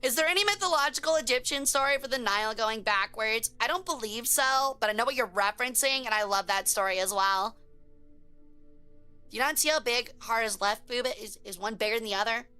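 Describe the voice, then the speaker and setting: A woman's voice: fairly high pitch, brisk, bright, forceful tone, clear, resonant tone. A woman streamer chatting casually on a live stream, slangy and joking as she reacts to chat, with faint music behind her.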